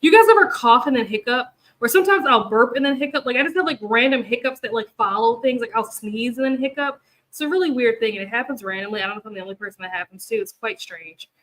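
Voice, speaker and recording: A tired young woman hosts a booktube reading-sprint livestream, chatting casually and rambly to viewers with lots of fillers and frequent laughter. Her voice is a little high and fairly bright, and she talks quickly. The audio quality is poor.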